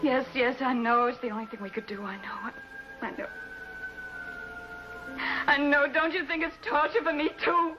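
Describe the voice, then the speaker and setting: A woman's voice: high voice, fairly even intonation, moderate pace, pauses often, music in the background, natural voice. An actress playing a tearful, stammering woman begging on the phone. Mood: desperate. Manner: stammering, pleading. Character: lonely distraught woman begging her ex-lover. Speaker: actress in a TV drama. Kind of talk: 1950s TV drama acting. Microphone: telephone in hand. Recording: dull 1950s TV soundtrack with score.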